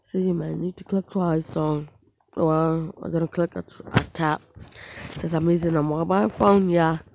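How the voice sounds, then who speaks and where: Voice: mid-range voice, steady tone, normal speed, creaky, a little mellow, slight background noise, low-quality recording. A gamer giving casual let's-play commentary on their own mobile play, rambling to themselves with frequent restarts and small outbursts at the game.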